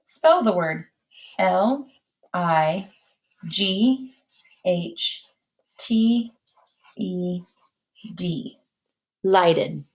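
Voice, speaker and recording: A woman teaching a guided spelling lesson, dictating words slowly and spelling them out letter by letter. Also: fairly low pitch, lively intonation.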